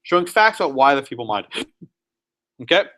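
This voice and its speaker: Animated man lecturing a class. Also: medium pitch, brisk. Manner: animated and sarcastic, asks students questions. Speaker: law professor.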